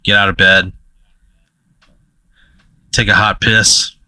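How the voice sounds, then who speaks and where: Bright-voiced man spinning a rambling tale. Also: fairly low pitch, flat delivery, slow pace, clean tone, no echo. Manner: rambling storyteller, laughs mid-sentence, many fillers. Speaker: podcast co-host. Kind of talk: casual comedic chat.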